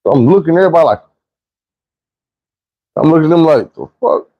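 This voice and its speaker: A man's voice: fairly high pitch, animated, fast, dry recording, lo-fi sound. A young man telling a profane, vivid personal story in a casual monologue. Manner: vivid, profane retelling with shouted quotes.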